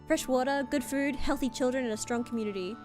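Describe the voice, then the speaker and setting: A woman voicing a calm female colony governor, reading her formal festival speech from a game. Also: high voice, fast talker, soft background music, lightly acted. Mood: solemn.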